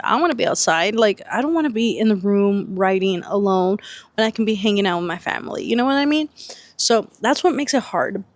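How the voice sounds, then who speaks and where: Casual vlogger woman, gravelly, dry close sound, chatty and excitable author. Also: medium pitch, dry recording. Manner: chatty, excitable, talks to viewers directly. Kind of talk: casual vlog talk to camera. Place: outdoors at home, sitting alone. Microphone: handheld gimbal camera.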